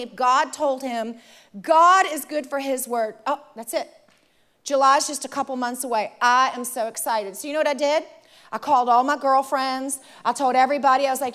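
A woman preaching, telling a personal story to the congregation in an animated, conversational way. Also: high-pitched. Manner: animated, addresses the audience directly, conversational. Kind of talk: sermon storytelling.

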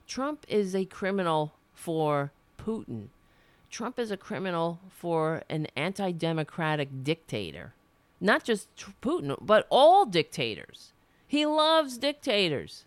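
A woman's voice: medium pitch, clean tone, dry recording. Blunt New York woman radio host. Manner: blunt and indignant, swears freely, restarts often. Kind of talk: casual political talk radio monologue.

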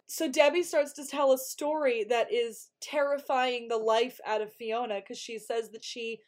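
Her pitch fairly high and her speed normal, a woman co-hosting a podcast goes over a TV episode casually. She brings the retelling to life by voicing the characters' dialogue.

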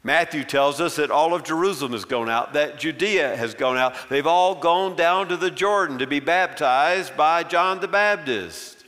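Bright-voiced preacher in a reverberant hall. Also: male voice, a little high, moderate pace, few pauses. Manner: dramatic, acts out questions in character voices. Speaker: pastor. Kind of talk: sermon. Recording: long reverb of a large hall.

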